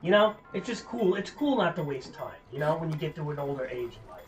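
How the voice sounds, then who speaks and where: A man's voice: fairly high pitch, very animated, brisk, faint music behind. A young man streaming a game, ranting with lots of swearing in frustration. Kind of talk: casual gameplay commentary.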